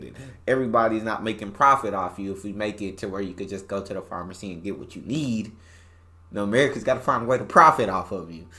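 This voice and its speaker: A man's voice: low-pitched, pushed and bright. A man hosting a reaction video, commenting casually and emphatically, often repeating his phrases for weight.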